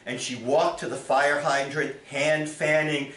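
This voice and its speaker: A man, a poet, giving a live reading of his poems on a theater stage in a measured, expressive way. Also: on the high side. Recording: roomy theater, from far off.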